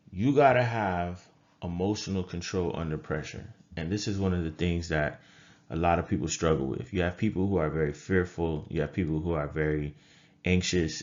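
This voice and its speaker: A man with a very low voice gives a motivational coaching talk straight to camera. He is emphatic and drives his points home by repeating phrases. The sound is dull and lo-fi. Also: darkish tone. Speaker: trading coach and critical care nurse.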